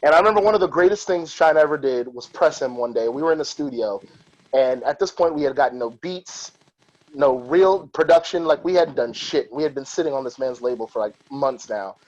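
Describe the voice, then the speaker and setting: A man hosting a podcast who tells personal stories in a candid, profane and animated way. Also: medium pitch, a little fast, highs cut off. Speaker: podcast host. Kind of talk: casual podcast storytelling.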